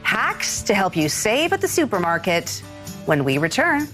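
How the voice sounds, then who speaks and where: Female morning news anchor, lively up-and-down delivery, easy conversational read. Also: medium pitch, measured pace, over music. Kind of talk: live morning TV presenting.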